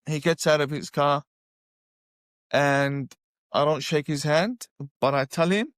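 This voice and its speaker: A man telling his personal testimony in an animated storytelling way, repeating phrases for emphasis. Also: a little high, slow, long pauses, no room sound, clean studio sound. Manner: animated, acts out his own past reactions; emphatic repetition. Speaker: guest sharing a conversion testimony.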